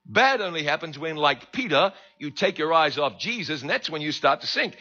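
A man with a New Zealand accent, a preacher telling his conversion story in an animated storytelling manner. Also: on the high side, normal speed. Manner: animated, swings between hushed and loud. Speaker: preacher giving his testimony. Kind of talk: sermon storytelling. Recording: dull lo-fi recording.

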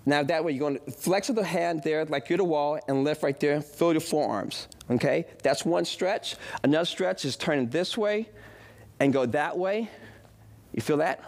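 A man's voice: on the high side, moderate pace. A man leading a live stretching demonstration, coaching upbeat with short repeated cues. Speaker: fitness instructor.

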